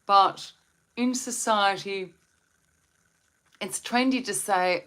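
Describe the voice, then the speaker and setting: Speaking slowly and pausing often, this woman has a deep, expressive, fairly bright voice. She hosts a wellbeing live stream as a meditation guide, addressing viewers calmly and thoughtfully and posing questions to them.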